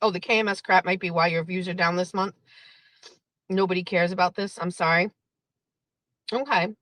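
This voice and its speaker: A woman's voice: fairly low pitch, normal speed, no echo, low-quality recording. A woman hosting her own stream, ranting about online drama with heavy swearing and mocking impressions of other people. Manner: profane, animated, mocking impressions. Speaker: streamer host. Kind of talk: ranting commentary.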